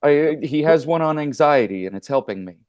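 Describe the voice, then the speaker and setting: Wry male comedian, slightly high voice. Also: expressive, brisk, darkish tone, clear, resonant tone, dry recording. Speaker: comedian guest. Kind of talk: comic banter.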